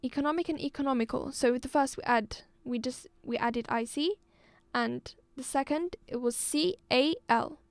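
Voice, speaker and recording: A woman from Algeria teaching an English exam-review lesson, repeating words and spelling them out slowly for her pupils. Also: sits high, dry recording.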